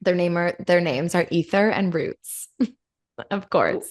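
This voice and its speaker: A woman hosting a podcast, telling a story in a casual chat, lively, acting out the voices in it and swearing freely. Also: on the low side, takes it slowly. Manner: animated, acts out quoted voices, swears freely. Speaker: podcast host.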